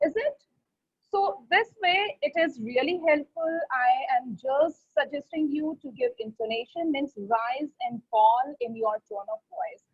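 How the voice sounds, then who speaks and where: A woman with a bright, high voice teaches a webinar over a video call. She explains things step by step and keeps checking in with "right?" The sound is dull and lo-fi. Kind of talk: online webinar lesson.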